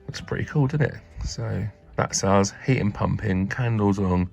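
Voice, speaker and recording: Gravelly-voiced British man vlogging. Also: fairly low pitch, a little slow, darkish tone, dull audio, soft background music. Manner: chatty and cheeky, laughs often, mild swearing. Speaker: narrowboat vlogger. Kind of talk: casual vlog chat.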